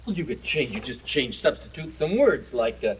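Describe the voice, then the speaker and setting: A man's voice: mid-range voice, big pitch swings, normal speed, a little hiss or hum, pitched below the performer's own voice, natural voice, poor audio. A man voicing a boastful, good-natured male dragon who keeps running for office, talking in pompous rambling patter for a TV puppet show. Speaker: puppet character. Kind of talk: 1970s TV puppet comedy.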